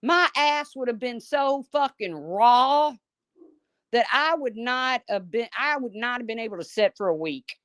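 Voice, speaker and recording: A woman's voice: on the high side, animated, unhurried, fairly bright tone, dry recording, studio quality. Blunt, salty middle-aged woman chatting live. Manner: blunt, profane, folksy, reads chat aloud. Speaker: livestream host. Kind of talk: casual live chat, storytelling.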